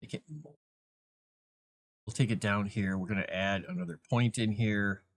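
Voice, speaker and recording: A man's voice: fairly low pitch, moderate pace, a little hiss or hum. A man hosting a casual live stream, thinking aloud as he works and chatting to viewers and his cat. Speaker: author and live-stream host.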